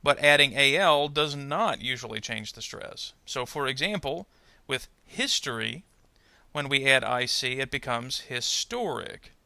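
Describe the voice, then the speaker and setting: A man teaching English pronunciation, speaking slowly and deliberately and saying each example word twice. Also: mid-range voice, gravelly, bright, forceful tone, smooth, no echo. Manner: slow, deliberate, models example words twice. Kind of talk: instructional narration.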